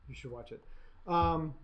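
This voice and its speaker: A man's voice: on the high side, slow pace. A man hosting a casual live stream, telling a story and laughing as he acts out quotes.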